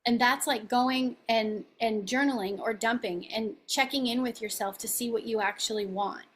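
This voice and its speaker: A woman's voice: on the high side, normal speed, fairly bright tone, slight background noise. A woman life coach speaking as a podcast guest in a chatty, casual way, often asking "right?".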